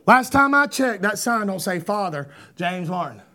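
Man, preacher, high voice, fervent sermon, repeats himself for emphasis. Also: animated, moderate pace. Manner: impassioned, builds to shouting; repetitive, rhetorical questions.

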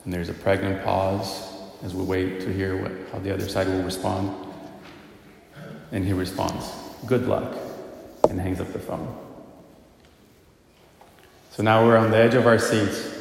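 A man's voice: sits low, fairly even intonation, a little slow, creaky, pauses often. A man preaching a sermon, telling a story earnestly and posing rhetorical questions to the congregation. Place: church. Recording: echoey church hall.

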